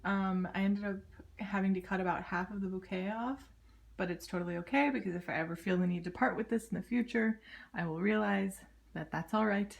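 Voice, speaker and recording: Chatty young woman with a gravelly edge. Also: mid-range voice, a little fast. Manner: chatty, lots of "like" fillers, drops into soft whispery asides. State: pregnant. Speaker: vlogger. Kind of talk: casual vlog chat. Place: her home.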